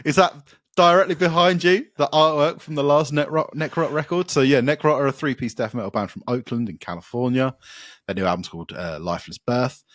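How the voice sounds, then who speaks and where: A man rambles happily through a casual podcast chat about records, swearing freely and trailing off into fillers. His voice sits at a middling pitch and is recorded dry and close, with no room sound around it. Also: fairly quick, a bit bright, dry recording. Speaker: podcast co-host.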